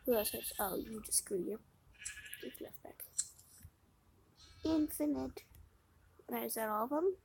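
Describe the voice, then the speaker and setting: A woman giving casual let's-play commentary, mumbling to herself while playing, with sudden loud dramatic outbursts, recorded on a phone microphone. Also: fairly high pitch, measured pace, creaky, pauses often, slight background noise. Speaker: game video creator. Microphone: phone microphone during screen recording.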